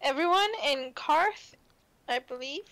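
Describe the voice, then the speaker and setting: A young adult woman co-hosting a casual book podcast, chatty and quick to laugh while recapping chapters. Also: sits high, lively intonation, fairly bright tone, no echo, poor audio. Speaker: podcast co-host.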